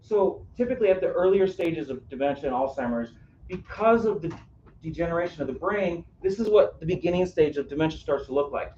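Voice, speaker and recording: A man's voice: a little high, lively intonation, brisk, warm tone. Man, workshop presenter, engaging, asks the room questions, dull distant recording, faint background noise. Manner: engaging, asks the audience questions, frequent "right?". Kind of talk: live interactive workshop talk. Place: room on a cruise ship, live audience. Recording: roomy, distant, dull audio.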